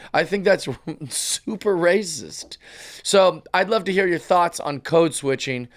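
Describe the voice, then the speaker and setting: Ranting male comedian podcast host. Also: fairly high pitch. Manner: animated ranting with mocking voice impressions. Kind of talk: casual monologue.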